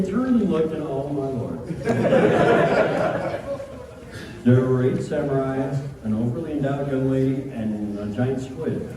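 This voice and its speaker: A middle-aged man tells comic stories to a convention audience, his fairly high voice swooping up and down as he acts out the voices of the people in them. He is recorded from far out in the audience. The large hall adds a long echo, with a clear murmur of room noise underneath. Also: sing-song, normal speed. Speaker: convention panelist. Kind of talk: comic storytelling to a crowd. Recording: echoey hall, distant mic, room noise.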